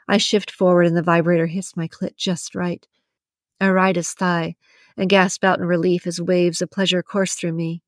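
A woman narrates a first-person romance story in a breathy, intimate voice, pitched on the low side. The recording is dry and close, with no room sound. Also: little pitch movement, moderate pace, no room sound. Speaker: audiobook narrator.

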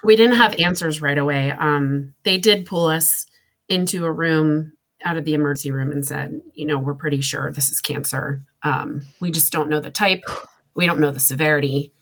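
A woman, telling an emotional personal story in a halting way, with many fillers, close to tears. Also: deep voice. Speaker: guest.

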